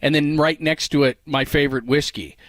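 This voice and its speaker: A man's voice: fairly high pitch, fairly even intonation, fairly quick, a bit bright, no echo. A man co-hosting sports radio from a studio, chatting in an easygoing, storytelling way. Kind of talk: casual sports radio banter.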